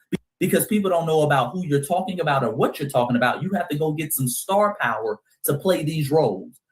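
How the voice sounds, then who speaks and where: Male host, impassioned monologue, emphatic and direct, slightly raised pitch. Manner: heated, emphatic, addresses listeners as family. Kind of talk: commentary monologue.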